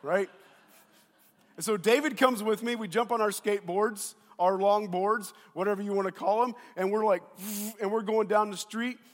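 Man, pastor, sermon, high voice, animated storyteller, talks to the congregation, lapel mic, long hall reverb. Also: normal speed.

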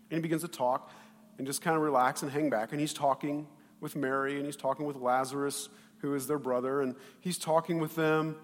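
A man pastor preaching a sermon in an animated way, with loud bursts and quiet asides, acting out the quoted voices. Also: a little high, big-room sound.

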